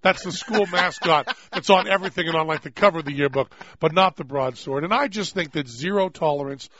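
A man's voice: a little high, fairly bright tone, no room sound. A man hosting a radio show, chatting loosely, joking and laughing as he rambles. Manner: rambling, jokey, quick to laugh. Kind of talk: casual radio talk. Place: radio studio. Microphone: studio microphone. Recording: dry, dull-toned studio sound.

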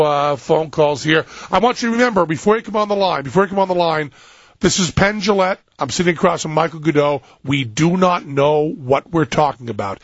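A man's voice: a little high, creaky, breathy edge, no room sound, lo-fi sound. A man hosting a radio talk show, joking and rambling with frequent restarts.

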